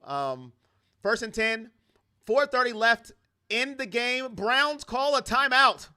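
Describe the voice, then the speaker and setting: A man's voice: extremely high pitch, sing-song, unhurried, sharp tone. A man giving casual play-by-play and reactions to a football game as a fan commentator, sarcastic and exasperated.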